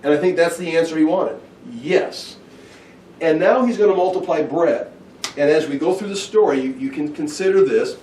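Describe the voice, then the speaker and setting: Man, Bible study teacher, slightly high voice, animated, recorded in an echoey room away from the mic. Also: moderate pace, a little hiss or hum. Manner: animated, acts out scenes with excited outbursts. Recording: echoey room, heard from a distance.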